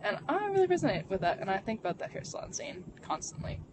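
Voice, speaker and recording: A young adult vlogger telling a personal story from inside a car, halting and full of fillers and restarts. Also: medium pitch, sing-song. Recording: vehicle noise behind. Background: car road noise.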